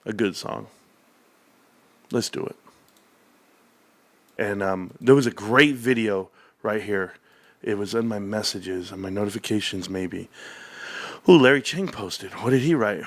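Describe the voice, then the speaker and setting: A man's voice: lowish voice, normal speed, vocal fry, fairly bright tone. A middle-aged man chatting casually with his livestream viewers, rambling and calling them bro. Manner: rambling, talks to viewers as bros. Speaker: stock market YouTuber.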